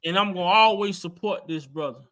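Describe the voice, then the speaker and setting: A woman's voice: lowish voice, fairly quick, a bit bright. A woman in a casual livestream opinion chat, speaking fervently and repeating words as she testifies.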